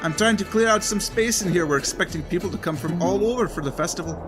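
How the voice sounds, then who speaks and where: A man's voice: high-pitched, fast talker, music in the background, lightly acted. A man reading village characters' lines from a game aloud, putting on playful voices.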